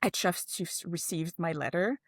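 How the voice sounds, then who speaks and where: A woman co-hosting a casual chat, telling a story with lively acted-out dialogue. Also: a little slow, husky, dry recording, studio quality. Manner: animated storytelling, acting out dialogue with big pitch jumps. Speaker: podcast co-host.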